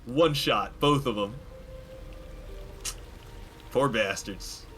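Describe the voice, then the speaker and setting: A man's voice: mid-range voice, drawn-out words, bright, forceful tone, soft background music. A man casually commenting while playing a video game, rambling with many fillers and frequent chuckles. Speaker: let's play gamer.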